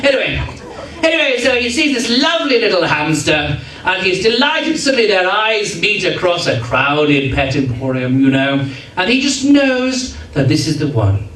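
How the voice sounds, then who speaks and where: This English comic entertainer has a high, sing-song voice, a touch bright, and keeps a normal pace as he regales a live audience with a story. His manner is teasing and playfully grand, and the distant recording catches the hall's echo and the crowd.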